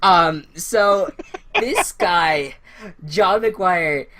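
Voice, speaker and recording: A young woman co-hosting a casual recap podcast, loud and animated, laughing and swearing often. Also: fairly low pitch, drawn-out words, crowd noise. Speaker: podcast co-host.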